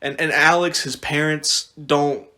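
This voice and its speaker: A young man co-hosting a podcast, chatting casually in an animated way, rambling with frequent restarts. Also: a little high, measured pace, crowd noise. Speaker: podcast co-host. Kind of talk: casual chat.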